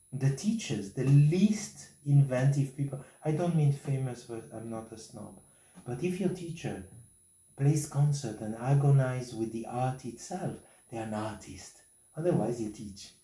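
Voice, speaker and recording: Piano teacher, male, non-native English, scats rhythms, mellow tone, mic set back in a room. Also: medium pitch, animated, unhurried. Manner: sings and scats rhythms to demonstrate. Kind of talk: piano masterclass coaching. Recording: roomy, from a distance.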